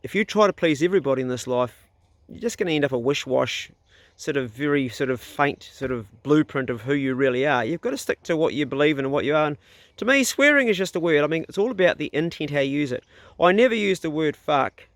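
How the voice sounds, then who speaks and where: A man's voice: fairly high pitch, lively intonation, fast, no echo. A middle-aged man with a New Zealand accent talks bluntly to camera in a casual vlog, swearing freely. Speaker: vlogger.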